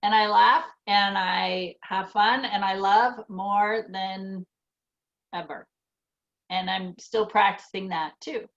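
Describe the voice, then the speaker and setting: A woman's voice: medium pitch, steady tone, takes it slowly, a bit bright. Woman in her 50s telling her story real earnest, casual chat, kinda muffled audio. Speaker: co-host of a spiritual podcast. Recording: slightly muffled sound.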